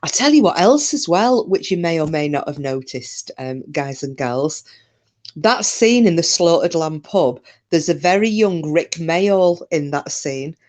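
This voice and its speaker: A woman's voice: deep voice, animated, unhurried, darkish tone. A British woman chats casually through a live stream, rambling from one thought to the next. She answers her viewers' comments one by one, calling them by name. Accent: British English.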